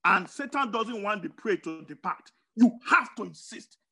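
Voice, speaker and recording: A preacher speaks at a normal pace in an animated sermon, repeating words and phrases with emphasis as his pitch and loudness swing suddenly.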